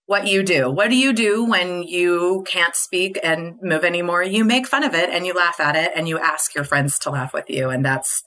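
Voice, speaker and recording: Bright-voiced woman telling her story. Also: fairly low pitch, normal speed, hardly any pauses. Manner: candid storyteller, laughs often. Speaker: podcast guest. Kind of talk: casual interview conversation.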